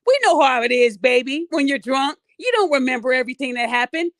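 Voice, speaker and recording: A woman voicing sympathizers in a lowered, mock-soothing, sarcastic tone. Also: lively intonation, fairly quick, dry recording, clean studio sound. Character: cooing, condescending sympathizers of either sex.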